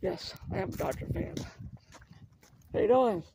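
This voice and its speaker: A man's voice: high-pitched, animated, normal speed, noisy background. A man vlogging casually on a walk outdoors, rambling and chatty as he talks straight to his viewers. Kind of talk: casual walking vlog. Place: outdoors on a neighborhood street. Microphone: phone camera held while walking.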